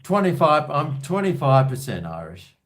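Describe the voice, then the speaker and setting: A man's voice: a little high, very animated, moderate pace. A man from Australia hosting a casual live-stream chat, rambling, hesitant and swearing freely. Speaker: host.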